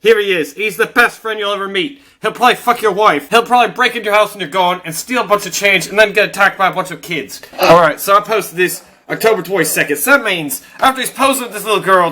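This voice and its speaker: A man's voice: high-pitched, sharp tone. A man hosting his own video show, telling a story in an exasperated, profane rant. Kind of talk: ranting storytelling monologue.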